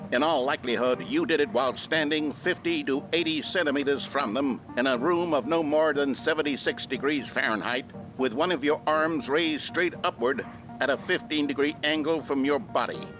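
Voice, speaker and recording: Over music, a man with a mid-range voice plays the narrator of an old instructional video, lightly acted. He sounds upbeat, brisk and cheery, with a mock-authoritative air.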